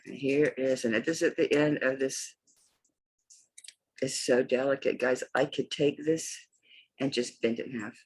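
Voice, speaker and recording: A woman hosts a casual home vlog and shows vintage jewelry. Her voice is low and husky, and she keeps up a chatty, familiar stream of talk, with asides to her dog. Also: fairly even intonation, normal speed, long pauses, poor audio. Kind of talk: casual vlog showing items.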